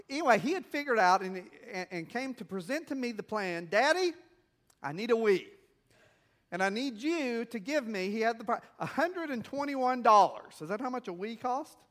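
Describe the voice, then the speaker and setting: A man preaching a sermon as a missionary pastor, telling stories and asking the congregation questions in a conversational way. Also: sits high. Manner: conversational storytelling with rhetorical questions.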